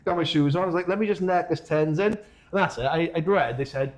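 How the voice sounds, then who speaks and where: A Welsh man co-hosting a podcast talks fast in a fairly high voice, spinning a running story in casual chat. He swears a lot and laughs as he goes.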